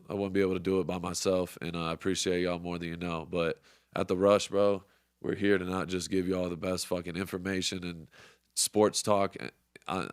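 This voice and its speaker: A man's voice: sits low, smooth, no echo, studio quality. A young man hosting a sports podcast, talking casually with fired-up, profane, motivational energy. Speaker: podcast host.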